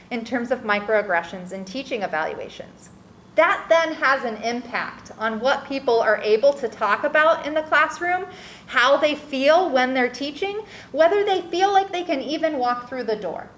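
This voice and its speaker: A woman presenting research findings in an academic lecture, earnestly reading participants' quotes aloud. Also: high voice. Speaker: guest speaker presenting research. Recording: echoey room with faint background noise.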